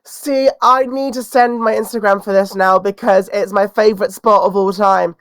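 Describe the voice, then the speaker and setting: A man's voice: sits high, fairly even intonation, normal speed, a bit bright, no room sound. A man with a cold, a wrestler guest talking in a casual podcast interview, sassy and outspoken. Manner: sassy, outspoken, self-assured. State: has a cold.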